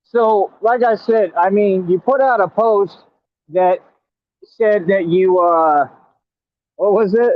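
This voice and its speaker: A man's voice: high-pitched, slow pace, pauses often, no room sound. A man vlogging while riding a scooter through traffic, trash-talking a rival in a taunting way and stumbling over repeated words. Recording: tinny phone-like, dry.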